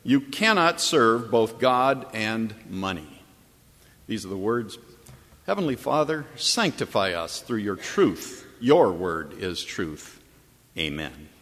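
A male pastor delivers a sermon in a chapel, his voice carrying with a long reverberant tail. He moves between relaxed storytelling and emphatic, repeated phrases. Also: on the low side, slow.

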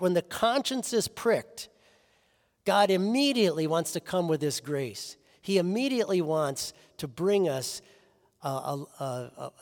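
A man preaching a sermon as pastor, earnest, often restarting his phrases and letting his voice drop softly at the ends of lines. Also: fairly high pitch, long reverb tail.

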